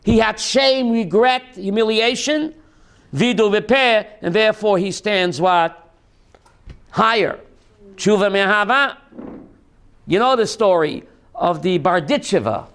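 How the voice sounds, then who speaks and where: High-voiced rabbi lecturing animatedly. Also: male voice, slow pace, long pauses, smooth. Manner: animated, asks the audience questions, mixes Hebrew terms. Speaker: rabbi teaching a class. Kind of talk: lively Torah class lecture.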